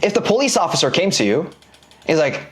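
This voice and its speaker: A man delivering a casual recorded course lecture, full of slang and quick everyday examples. His voice rises and falls a lot and sits a little high for a man. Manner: animated, slangy, drawing examples on a board. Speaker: online business course instructor.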